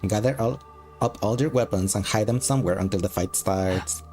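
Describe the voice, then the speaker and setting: A bitter male demon soldier full of self-hatred, as a man reads him in his own low voice. He swears constantly in a flat monotone, and faint game music sits underneath. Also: brisk, natural voice. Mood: commanding. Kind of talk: game dialogue read aloud.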